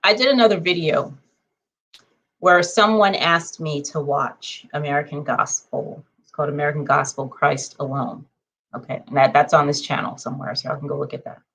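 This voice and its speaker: A woman vlogger speaking in a casual monologue, conversational and animated, checking in with her viewers and counting off her points. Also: moderate pace. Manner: conversational, punctuates points with "okay?" and numbered lists; animated, swings between low asides and excited high bursts.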